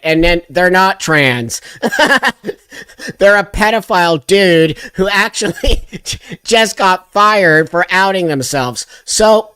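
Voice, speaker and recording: A man's voice: sits high, slow, bright, forceful tone, clean tone, dry recording. A man hosting a live stream, ranting and mocking, swearing freely and breaking into laughter. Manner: profane, mocking, laughs often.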